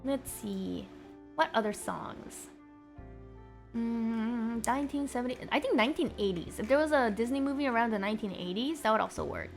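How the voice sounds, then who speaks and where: A young woman chatting on a live stream, bubbly and quick to giggle. Her voice sits high, and faint music plays behind her. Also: lively intonation, vocal fry. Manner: giggly, bubbly, chats with viewers. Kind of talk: casual live-stream chat.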